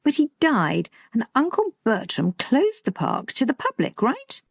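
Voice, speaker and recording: A woman's voice: huge pitch swings, a little slow, creaky, husky, no room sound, clean studio sound, exaggerated voice. A woman reading an audiobook voices a curious young bride-to-be who keeps asking eager, pointed questions. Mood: probing. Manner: eager questioning, voice jumps high.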